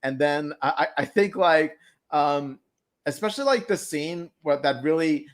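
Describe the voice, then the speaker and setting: A man with a somewhat high voice gushes about cartoon episodes in a casual fan review. He talks in bursts full of "like" and "you know," often restarting his sentences. His delivery is eager and animated, as if talking with a friend. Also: a little slow. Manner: excitable, heavy with fillers and restarts. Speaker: fan show co-host.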